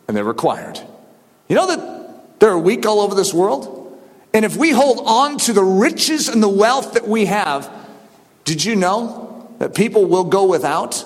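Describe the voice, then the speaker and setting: Man preaching, shouting bursts, echoing hall. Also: high voice, expressive, unhurried, long pauses. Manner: swings from quiet to shouted exhortation. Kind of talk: sermon.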